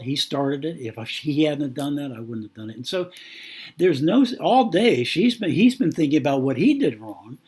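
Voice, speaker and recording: In an earnest teaching talk on marriage, a man acts out a couple's quarrel and often repeats words as he goes. His voice is mid-range, darkish, and husky.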